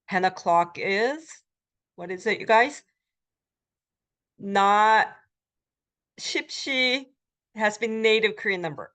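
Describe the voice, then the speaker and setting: Woman teaching Korean, lower-pitched. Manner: explanatory, repeats Korean phrases slowly for learners; frequent ums and uhs. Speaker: Korean language instructor. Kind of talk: recorded college lecture.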